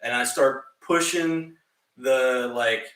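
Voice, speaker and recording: A young man co-hosting a podcast tells a story casually and animatedly, swearing, laughing often, and acting out other people's voices. He speaks slowly at medium pitch. The audio is poor, with an echoey room and him far from the mic.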